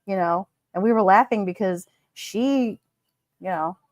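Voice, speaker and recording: A woman's voice: mid-range voice, measured pace, dry recording. Chatty woman reading live comments. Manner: chatty and animated, laughs often, many "like"s. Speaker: livestream host.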